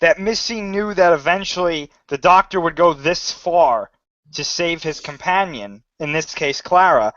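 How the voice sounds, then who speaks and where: A man co-hosting a fan podcast, with a high voice for a man, who explains his points quickly and emphatically. The sound is dry and close, with dull lo-fi audio. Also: a bit bright, dry recording. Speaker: podcast co-host.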